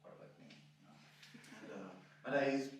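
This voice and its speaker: A man's voice: medium pitch, moderate pace. A young man doing a stand-up comedy set, rambling and self-deprecating, with lots of "you know" in his talk. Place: live comedy venue with audience. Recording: very echoey, distant, noisy live room.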